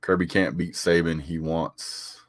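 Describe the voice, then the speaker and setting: A very low-voiced man banters through a live stream, reading out viewer comments and firing back. He stammers and repeats words now and then, and his voice sounds close and dry with no room around it. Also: level tone, a little slow, no room sound. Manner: reads viewer comments aloud and answers them; frequent chuckles and "sir" rebuttals. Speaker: sports vlogger reading live chat.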